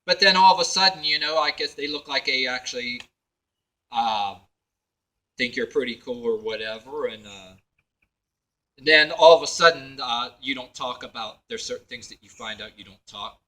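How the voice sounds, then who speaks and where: A man's voice: medium pitch, moderate pace, pushed and bright, poor audio. A man telling a personal story to camera in a meandering way, full of fillers and restarts, acting out what others said. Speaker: video blogger.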